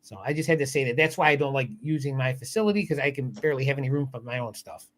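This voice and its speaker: A man's voice: mid-range voice, rapid-fire, a little hiss or hum. A man who owns a shop, chatting as a guest on a live show, rambling with wry, self-deprecating asides. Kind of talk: casual live-show chat.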